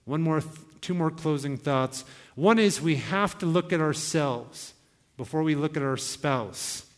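A man's voice: a little high, measured pace. A young male pastor preaching an earnest, exhorting sermon to his church. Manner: earnest, exhorting, with quoted asides. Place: church hall. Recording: long hall reverb.

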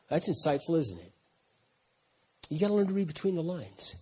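Husky, animated preacher in his fifties. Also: a little high, moderate pace, long pauses. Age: 50s. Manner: swings from quiet asides to loud emphatic preaching; conversational, with repeated restarts. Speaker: pastor. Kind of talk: sermon.

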